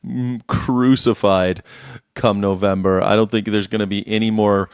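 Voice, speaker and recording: A man's voice: lowish voice, fairly even intonation, unhurried, clear, resonant tone, dry recording, clean studio sound. A man hosting a casual commentary show, reacting to news clips with profane, wry asides.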